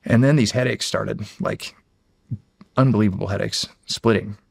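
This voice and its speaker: A former Navy SEAL from Erie, Pennsylvania, tells stories in a casual interview with a deep, gravelly voice at normal speed. He rambles, cusses frequently, stumbles into restarts, and acts out what people said. The sound is close and dry, without room echo.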